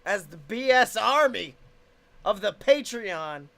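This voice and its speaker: A young man with a bright, forceful voice rattles off a story in casual podcast chat. He slips into other people's voices, swears freely and breaks into laughter. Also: high-pitched, animated, takes it slowly, vocal fry. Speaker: podcast co-host.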